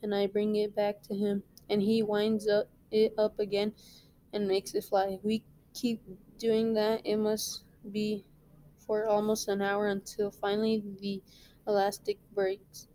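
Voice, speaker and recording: A woman, a reading teacher, reading a novel aloud in a plain, unhurried way with small slips. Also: mid-range voice, completely flat delivery, mellow, low-quality recording.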